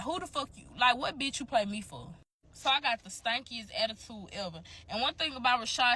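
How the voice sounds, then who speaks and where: Young woman, bright and fairly high voice, casual storytime vlog, blunt and profane, talks right to the viewers. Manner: candid, profane, chatty storytelling.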